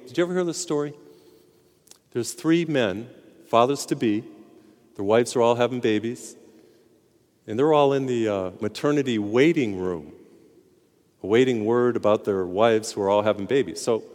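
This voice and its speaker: A man, a priest, preaching a sermon, slowing down for emphasis and telling a joke along the way. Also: mid-range voice. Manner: animated preaching, slows for emphasis. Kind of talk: sermon with told jokes. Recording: long hall reverb.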